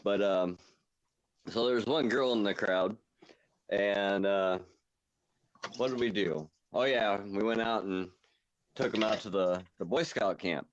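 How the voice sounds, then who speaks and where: Low-voiced late-night radio host. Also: male voice, measured pace, long pauses, lo-fi sound, a little hiss or hum. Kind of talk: late-night call-in chat.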